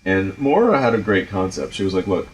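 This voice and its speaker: A man in middle age speaks with a thick Providence accent in a fairly low voice. He chats casually as a show host, animated and a bit profane, piling up fillers and acted-out dialogue. A faint noise sits under the recording. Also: brisk. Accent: Rhode Island (Providence). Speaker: podcast host and film director. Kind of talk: casual storytelling chat.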